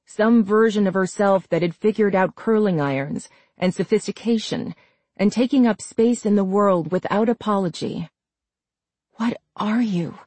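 A woman narrating a horror novel as an audiobook, reading in a slow, measured way. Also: mid-range voice, darkish tone, no echo. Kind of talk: scripted narration.

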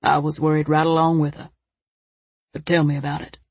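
A woman reading a storybook, voicing a gruff but caring older man who talks in folksy rural grammar with a lowered voice. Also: level tone, a little fast, a little mellow, no echo. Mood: concerned.

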